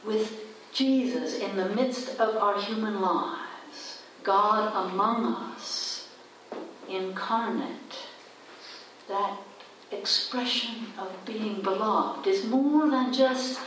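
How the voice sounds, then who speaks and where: A woman pastor preaches a baptism sermon very slowly, dwelling on each phrase and lifting her voice for emphasis. She is picked up from a distance in a church. The sanctuary adds a strong echo and a faint room hum. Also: medium pitch, fairly bright tone. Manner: slow, deliberate preaching with repeated phrases and emphatic rises. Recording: echoey church from a distant mic.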